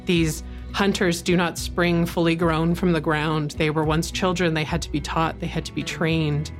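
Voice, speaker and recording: Female expert interviewee, very low voice, engaged and emphatic, faint music bed. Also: little pitch movement, moderate pace. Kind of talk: interview explanation.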